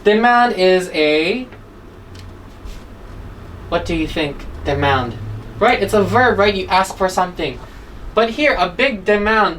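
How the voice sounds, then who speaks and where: A woman teacher with a fairly low voice explains grammar and word forms. She keeps asking "right?" and "okay?" as she goes. She sits a little back from the mic, with faint noise behind her. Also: distant mic, poor audio. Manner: checks in with frequent "right?" and "okay?". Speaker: English teacher. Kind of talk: online exam-prep class.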